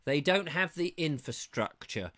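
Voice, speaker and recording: A middle-aged man from England chats his way through viewers' comments in a rambling, jokey manner. His voice is bright and fairly high for a man, and his pitch rises and falls a lot as he talks. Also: expressive, measured pace. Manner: rambling, jokey, playful wordplay. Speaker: host reading live chat comments. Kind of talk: casual chatty livestream.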